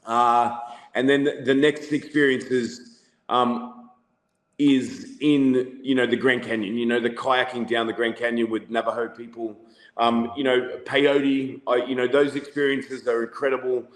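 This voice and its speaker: A man's voice: medium pitch, flat delivery, a little slow. A man with an Australian accent, a podcast guest telling stories in a rambling, casual way full of "you know" fillers. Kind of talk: casual storytelling. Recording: echoey room with long reverb.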